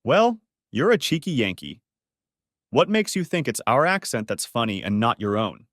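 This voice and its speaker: A man's voice: mid-range voice, big pitch swings, normal speed, fairly bright tone, no room sound, clean studio sound. A man voicing a big, older Australian man in a story reading, blunt and teasing. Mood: gruff.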